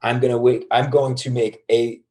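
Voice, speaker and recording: A man's voice: mid-range voice, level tone, moderate pace, warm tone. A man in his thirties, a guest entrepreneur, telling his life story in a casual interview with emphatic, casual delivery.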